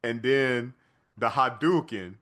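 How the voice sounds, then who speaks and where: A man co-hosting a podcast in casual chat, retelling scenes with lively energy and quick asides. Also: mid-range voice. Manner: animated storytelling, acts out movie lines in put-on voices. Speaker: podcast co-host.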